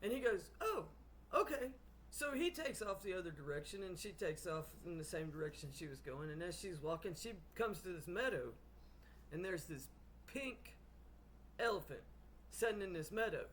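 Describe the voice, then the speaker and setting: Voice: medium pitch, expressive, normal speed, a little hiss or hum. A person telling a long joke in a storytelling manner, acting out characters along the way. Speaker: joke teller.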